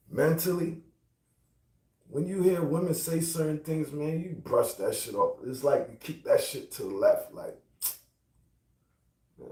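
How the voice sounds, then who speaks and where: A middle-aged man telling a personal story in a profane, animated rant. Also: on the high side. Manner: animated, profane, builds to angry outbursts. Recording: roomy, distant from mic.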